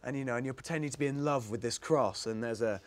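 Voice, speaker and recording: A man's voice: mid-range voice, quick pace. A young man from England, an actor guest in a casual interview, chatting in a rambling way and laughing easily.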